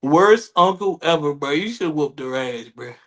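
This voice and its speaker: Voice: mid-range voice, lively intonation, moderate pace. A podcast host reacting to clips in casual chat, laughing and profane.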